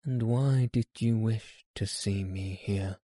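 A man voicing a calm, gentle detective in a measured audiobook reading. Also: on the low side, no room sound, studio quality.

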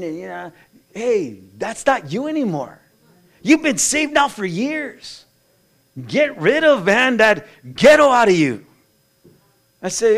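Folksy high-voiced male pastor preaching. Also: sing-song, slow pace, long pauses, a bit bright. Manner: folksy, blunt preaching with slang and asides. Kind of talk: sermon. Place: church.

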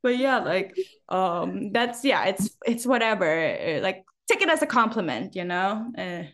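A woman's voice: medium pitch, unhurried. A woman co-hosting a podcast in casual chat, telling stories and acting out what people said. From Asia. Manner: animated storytelling, acting out quotes. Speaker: podcast co-host.

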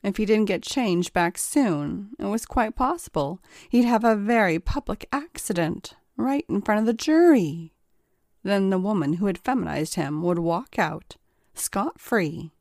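Low-voiced woman reading a story. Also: animated, unhurried, a little mellow, no room sound, studio quality. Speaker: narrator. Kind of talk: scripted erotic story narration.

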